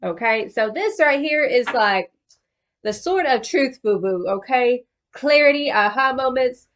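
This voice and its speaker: A woman's voice: high voice, expressive, measured pace, fairly bright tone. A woman giving a casual tarot card reading in a slangy, profane, chatty way, calling the listener boo-boo. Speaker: tarot reader.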